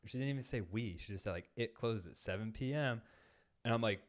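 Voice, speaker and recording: A man's voice: on the low side, brisk. A man co-hosting a podcast, telling a long casual story in a studio, full of "like" and acted-out quotes. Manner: rambling, heavy use of "like", acts out quoted lines. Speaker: podcast co-host. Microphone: studio microphone.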